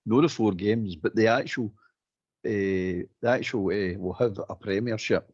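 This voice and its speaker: A man's voice: lowish voice, unhurried, darkish tone. A Scottish man calling a football phone-in show, ranting bluntly and repeating his points. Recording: dull lo-fi phone-in audio.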